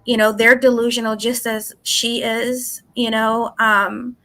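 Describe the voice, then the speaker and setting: A woman with a bright, forceful, fairly high voice tells her story to an interviewer. She talks animatedly, acting out what others said in quoted bits and swearing freely. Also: flat delivery, measured pace. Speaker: psychic guest. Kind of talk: casual interview.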